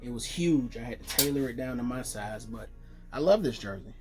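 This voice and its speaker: Excited man showing off his jerseys. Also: medium pitch, brisk, over music. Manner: excited, chatty, fillers and self-corrections. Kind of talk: casual show-and-tell vlog.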